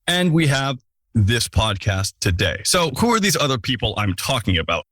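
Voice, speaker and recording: A man hosts a relaxed podcast in an easy middle register, tossing in playful, self-mocking remarks as he introduces his guests. His voice is recorded close and dry, with no room sound. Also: medium pitch, moderate pace, no echo. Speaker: podcast host.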